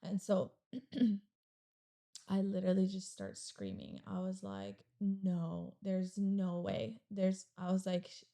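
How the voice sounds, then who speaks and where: Gravelly-voiced young woman sharing a story. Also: mid-range voice, very animated, measured pace, dark tone. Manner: rambling, heavy use of "like". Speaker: podcast guest. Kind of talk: emotional personal story.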